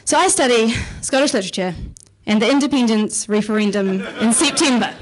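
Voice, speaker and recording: A woman's voice: fairly high pitch, a little fast, a crowd in the background. A young woman with a New Zealand accent doing a stand-up comedy set, wry and sarcastic, swearing casually. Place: comedy club stage.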